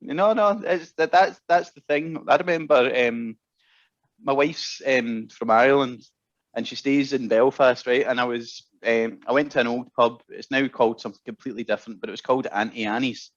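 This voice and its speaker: A man's voice: mid-range voice, normal speed, dull audio. A Scottish man, a guest musician, telling stories in casual chat and laughing often. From Scotland. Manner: chatty storyteller, laughs often.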